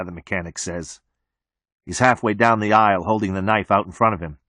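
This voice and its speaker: A man reading a novel aloud in the first person, with tense, measured narration on a close mic. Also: fairly low pitch, fairly bright tone, dry recording. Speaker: audiobook narrator.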